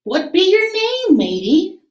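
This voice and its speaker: A woman voicing a loud, gruff male pirate captain in a read-aloud storybook. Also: wildly swooping pitch, slow, roomy sound, full character voice. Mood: bellowing. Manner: bellowing, booming.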